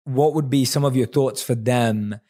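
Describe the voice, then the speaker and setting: Man hosting an interview podcast, mid-pitched voice, eager and rambling chat. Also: moderate pace, mellow. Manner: enthusiastic, affirming interjections; rambling, restarting sentences. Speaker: podcast host.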